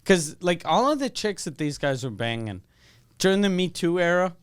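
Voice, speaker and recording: A man co-hosting a comedy podcast, quick and sarcastic, often laughing between lines. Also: high voice, big pitch swings, clean tone, dry recording, studio quality. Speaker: podcast co-host. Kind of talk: casual comedy podcast banter. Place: podcast studio.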